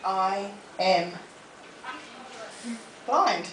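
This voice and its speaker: A woman, giving a lively, humorous motivational talk to a live audience in a library. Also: medium pitch, drawn-out words. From New Zealand. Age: 40s. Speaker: motivational speaker. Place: public library hall. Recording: echoey room, distant mic, noisy.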